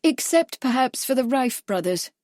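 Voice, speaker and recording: A glamorous actress hostess talks in a bright, lifted, playful way, gracious and teasing, as a woman narrator voices her. The voice sits a little higher and livelier than the narration, and the sound is close and dry. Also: animated, normal speed, no echo.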